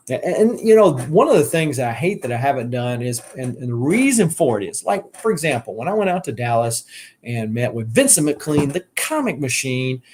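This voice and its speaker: A man's voice: medium pitch, a little mellow. A man with a Southern US accent hosting a casual live stream, rambling with many fillers and restarts as he answers viewer comments. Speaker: collector channel host.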